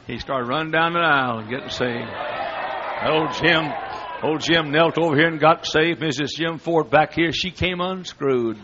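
A man preaching a sermon, telling a folksy, humorous story with loud bursts. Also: fairly high pitch, slight background noise. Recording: dull lo-fi recording.

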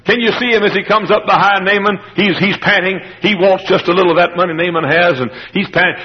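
A man preaching a revival sermon, acting out the people in the story and shouting at its high points. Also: brisk, few pauses, big-room sound, lo-fi sound. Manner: dramatic, acts out the characters in the story, shouts at climaxes.

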